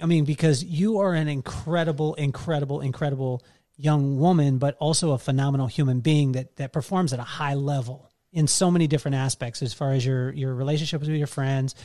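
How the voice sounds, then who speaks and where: A man's voice: on the high side, warm tone. A man hosting a podcast, asking long, rambling, enthusiastic questions in casual chat. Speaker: podcast host.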